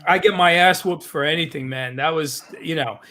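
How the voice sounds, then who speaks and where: A man's voice: a little high, moderate pace, sharp tone. A brash middle-aged man who swears freely and keeps jumping in with his own stories. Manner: brash, swearing, eager to jump in. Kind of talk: casual chat.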